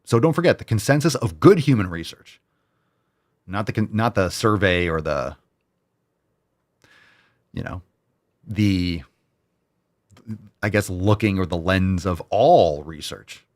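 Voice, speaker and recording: A man with a fairly low voice delivers a heated solo rant as a show host. He swears constantly, drips with sarcasm and hammers his points by repeating them. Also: expressive, measured pace, long pauses. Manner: repeats phrases for emphasis. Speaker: podcast host. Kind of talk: solo ranting commentary.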